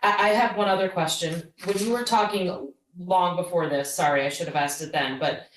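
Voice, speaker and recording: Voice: medium pitch, normal speed, fairly bright tone. A school board member asking questions at a meeting, stopping and repeating words. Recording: echoey room audio from a distance with faint noise.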